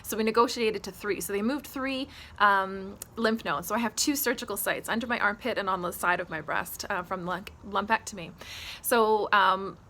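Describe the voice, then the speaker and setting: A woman's voice: mid-range voice, normal speed, sharp tone. A woman telling her own health story to camera in a candid, emphatic way. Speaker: health vlogger.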